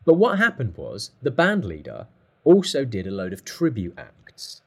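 A man telling a lively story as a guest, acting out the phone calls he describes. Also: mid-range voice, normal speed. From England. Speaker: guest drummer. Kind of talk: casual storytelling.

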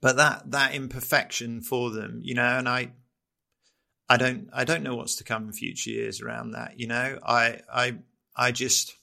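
A middle-aged man co-hosting a podcast, talking in an earnest, halting way and often restarting his sentences as he reflects. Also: mid-range voice, flat delivery, creaky, bright, forceful tone. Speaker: podcast co-host.

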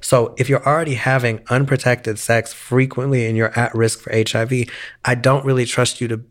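A man co-hosting a chatty podcast, voice pitched right in the middle of the male range. He talks in a campy, opinionated way and drops deadpan asides. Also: normal speed. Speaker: podcast co-host. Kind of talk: casual chat.

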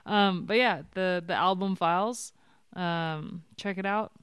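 Woman podcast guest, low-ish smooth voice, excitable and chatty, dry close recording. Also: unhurried, no echo. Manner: animated, excitable, frequent laughs. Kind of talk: casual podcast chat.

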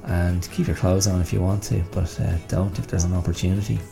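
Wry, gravelly-voiced male podcast host. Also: deep voice, level tone, fairly quick, over music. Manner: wry, self-mocking, chatty. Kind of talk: solo podcast monologue.

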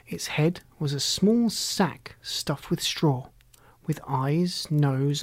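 Hushed, half-whispered storybook narrator, dry close sound. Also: medium pitch, no echo. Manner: soft and hushed, often half-whispered, unhurried. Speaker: audiobook reader.

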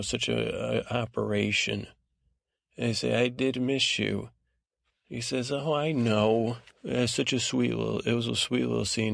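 A man with a heavily gravelly, fry-laden voice drifts through a sleepy bedtime recap, meandering and low-key, stumbling over fillers. His pitch stays flat and monotone. It sounds dry and close, with no room at all. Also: no room sound. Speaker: podcast host.

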